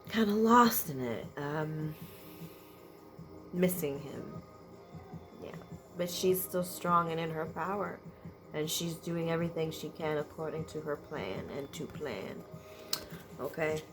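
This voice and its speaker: Woman, energy reader, low-ish voice, slow and halting, sighs between thoughts, noisy ambience behind. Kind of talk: spiritual energy reading to viewers.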